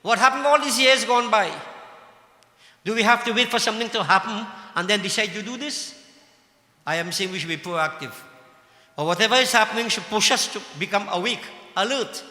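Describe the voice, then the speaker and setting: Addressing his devotees at a fairly quick pace, this religious leader delivers an impassioned, scolding sermon packed with rhetorical questions. His voice is high and very bright, and a long reverb tail fills the spacious temple hall.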